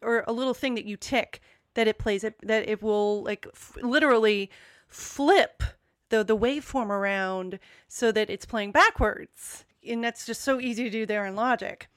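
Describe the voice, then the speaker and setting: Woman, music podcast chat, smooth clear voice, dry close sound, rambling. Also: on the high side, moderate pace, no echo. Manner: rambling, many restarts. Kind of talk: casual chat.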